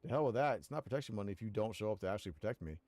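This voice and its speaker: A man voicing an indignant male cafe owner who complains loudly and defiantly in a raised, high-pitched voice. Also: animated, rapid-fire, natural voice. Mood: outraged.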